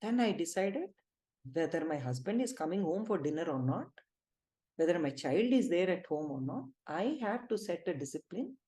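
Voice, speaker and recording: A middle-aged woman with an Indian English accent, leading a spiritual teaching talk with lively, emphatic storytelling. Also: fairly low pitch, moderate pace. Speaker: spiritual healing group leader.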